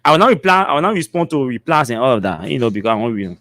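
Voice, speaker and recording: A man's voice: medium pitch, sing-song, very fast, a bit bright, dry recording, clean studio sound. A man with a Liberian English accent hosting a talk show, reading out social media comments with mocking asides and laughter. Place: studio.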